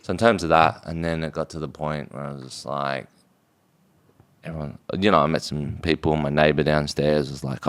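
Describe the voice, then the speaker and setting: A man's voice: extremely low pitch, fairly even intonation, normal speed. A man from Australia telling his business story in a casual podcast chat, rambling, with slang and swearing. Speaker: guest, drinks brand founder.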